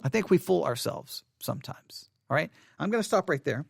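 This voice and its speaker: A man with a fairly high voice and a gravelly edge leads an informal devotional study. He speaks haltingly, often repeating phrases and correcting himself mid-sentence. The sound is close and dry. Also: expressive, no echo.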